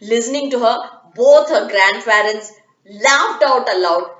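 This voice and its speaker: A woman reading a children's story in an expressive, dramatic way. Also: on the high side, a little slow. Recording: echoey, dull lo-fi room.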